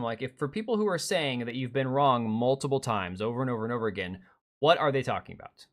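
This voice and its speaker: A man's voice: mid-range voice, lively intonation, quick pace, fairly bright tone. Man, streamer, sarcastic reaction commentary, swearing, mocking quotes. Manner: sarcastic, swears, mocks in put-on whiny quotes.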